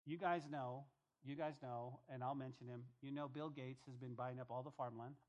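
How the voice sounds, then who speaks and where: A man's voice: mid-range voice, steady tone, moderate pace, highs cut off. A man preaching a Bible-teaching sermon, speaking emphatically, repeating phrases and firing rhetorical questions straight at his congregation. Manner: talks directly to the congregation. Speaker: pastor.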